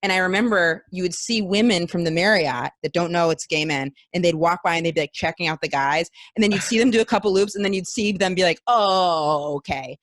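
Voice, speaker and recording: A woman hosting a casual interview chat, talking in a loose, swearing, story-spinning way and acting out quick little quotes. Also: on the low side, no room sound. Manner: chatty, swears freely, acts out quick quotes. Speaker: podcast host.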